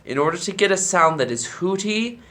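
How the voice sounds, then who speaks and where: A man's voice: sits high, lively intonation, a little fast, sharp tone. A man who directs a church choir, explaining vocal technique in a tutorial and demonstrating the sounds with his own voice.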